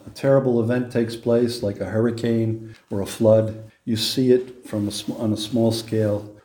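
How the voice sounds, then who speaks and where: Mellow-voiced pastor teaching from scripture. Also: male voice, medium pitch, roomy sound. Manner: conversational teaching with rhetorical questions and restarts; reads scripture aloud with rising emphasis. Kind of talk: expository sermon with scripture reading.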